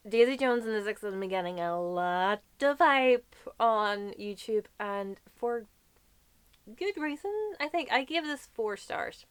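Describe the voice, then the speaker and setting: A woman's voice: mid-range voice, animated, a little slow, clean tone, no echo. A woman reviewing the books she read this month in a casual, effusive chat, swearing now and then. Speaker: book reviewer. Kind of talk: casual monthly book wrap-up.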